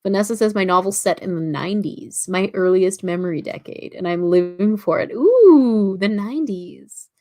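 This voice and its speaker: A woman's voice: mid-range voice, lively intonation, moderate pace, a little mellow. A young woman from Toronto with a Canadian accent, hosting a casual writing livestream, chatty and full of fillers as she reads viewer comments aloud. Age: about 19.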